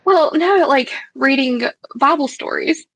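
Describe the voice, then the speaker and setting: A woman's voice: high-pitched, a little slow, fairly bright tone, no echo, rough recording. A woman with an American Southern accent in a casual live stream chat, speaking shyly and with giggles.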